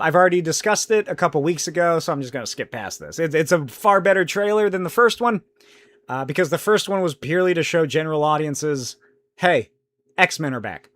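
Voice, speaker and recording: A man's voice: fairly high pitch, fairly bright tone, no echo. A young man hosting a casual solo podcast, thinking aloud, rambling and swearing casually as he answers chat questions. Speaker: podcast host.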